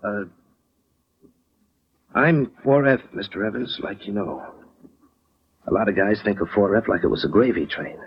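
An actor playing a blunt, streetwise working-class family man in 1940s radio-drama style, with a husky voice, on a lo-fi old broadcast. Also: on the low side, a little hiss or hum, close to an everyday voice. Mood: earnest. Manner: blunt, streetwise slang, quick to bristle.

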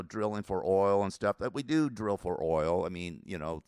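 Smooth-voiced man around sixty, rambling. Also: mid-range voice, no echo, studio quality. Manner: rambling, repeats himself, chuckles often. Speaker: show host. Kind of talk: casual political commentary.

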